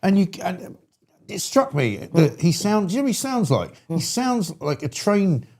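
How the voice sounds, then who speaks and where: A man's voice: sits high, big pitch swings, unhurried, a little mellow. A man hosting a political talk show, chatting loosely and reading out viewer comments.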